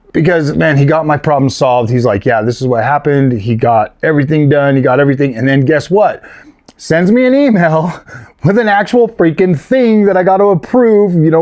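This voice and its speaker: A slightly high-voiced man tells a long personal story straight to camera, full of "like" and restarts. He sounds irritated and keeps circling back as he talks. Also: darkish tone. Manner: rambling, frustrated, lots of fillers and restarts. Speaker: gaming and tech YouTuber. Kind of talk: casual storytelling vlog.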